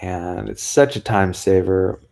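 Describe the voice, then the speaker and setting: A man's voice: deep voice, a little slow, gravelly, darkish tone. A man talking casually to his viewers in a chatty, rambling way, tired and yawning now and then. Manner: chatty, rambling, with frequent laughs and sighs. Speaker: vlogger. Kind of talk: casual chat to camera.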